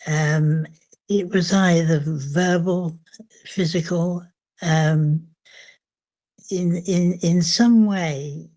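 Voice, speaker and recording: Slow, thoughtful older woman. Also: fairly low pitch, fairly even intonation, darkish tone. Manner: slow, thoughtful, with frequent hesitations. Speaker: memoir author and guest. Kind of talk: reflective interview conversation.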